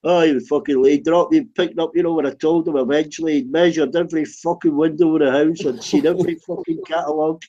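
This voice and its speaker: A man's voice: on the high side, fairly even intonation, quick pace, hardly any pauses, dark tone. A man telling a rude, swearing story in casual chat, laughing often. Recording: dull lo-fi sound.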